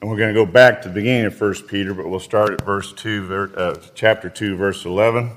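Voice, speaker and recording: A man in his fifties preaching a sermon, telling folksy personal stories in an unhurried way and reading scripture. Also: on the low side, fairly even intonation. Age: 50s.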